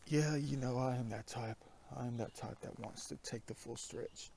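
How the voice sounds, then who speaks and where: A man's voice: medium pitch, fairly even intonation, moderate pace, gravelly, a little mellow, slight background noise. A man vlogging outdoors on a wooded mountain road, talking to a handheld camera and often dropping into a whisper. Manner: rambling, often drops to a whisper. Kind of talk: outdoor hiking vlog.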